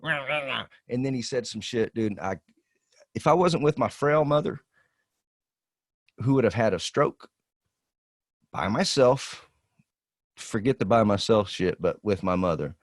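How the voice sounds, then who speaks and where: A man's voice: mid-range voice, measured pace, pauses often, no echo, clean studio sound. A man in his forties, a podcast co-host, telling a long profane story in casual chat. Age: 40s. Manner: profane, rambling storytelling with animated quoted voices.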